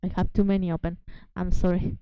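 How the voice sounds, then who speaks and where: A woman who grew up speaking Spanish chats on her home VTuber livestream, giggling excitedly and apologizing a lot. Her voice is fairly low and smooth, and she talks quickly. The recording is dry and sounds dull.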